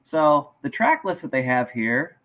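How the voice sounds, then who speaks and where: A man with a fairly high, lively voice talks on a live stream. He rambles and makes fun of himself as he fiddles with his gear and shows viewers around. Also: a little slow, rough recording. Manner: rambling, self-deprecating, talks while fixing gear. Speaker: livestream host. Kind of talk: casual live stream chat.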